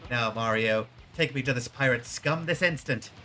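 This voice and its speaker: A man's voice: mid-range voice, moderate pace, bright, forceful tone, soft background music, lightly acted. Man putting on a pompous cowardly leader. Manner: theatrical, self-important, dramatic. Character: pompous cowardly male leader, grandiose and vain.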